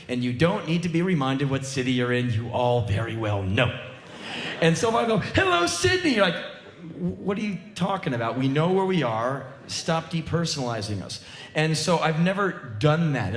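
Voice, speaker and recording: A man in his forties giving an animated live spoken word monologue on a theater stage, with sudden loud outbursts. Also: fairly high pitch, slight background noise. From United States. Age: 40s. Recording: roomy live theater sound.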